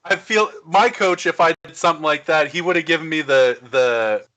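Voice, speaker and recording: A man's voice: fairly high pitch, moderate pace, bright, forceful tone. A young man co-hosting a baseball watch party, chatting casually and chiming in with quips and laughs. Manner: laughs along, chimes in with quips. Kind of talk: casual chat.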